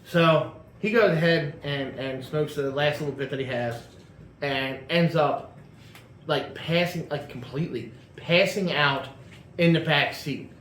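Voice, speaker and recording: A man's voice: a little high, unhurried, fairly bright tone, a little hiss or hum. Rambling storyteller man in an echoey room. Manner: rambling, lots of fillers and restarts. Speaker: host telling a car story. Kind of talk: casual storytelling. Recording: echoey room with faint ambience.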